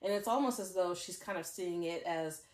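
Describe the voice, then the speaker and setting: A woman co-hosting a casual drama recap, telling the story in an animated way and slipping into quoted voices. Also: lowish voice, normal speed, roomy sound. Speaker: podcast co-host.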